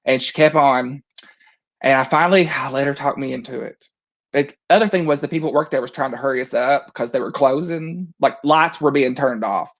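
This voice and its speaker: A man telling a funny story in casual chat, animated and laughing often. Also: mid-range voice, fairly quick.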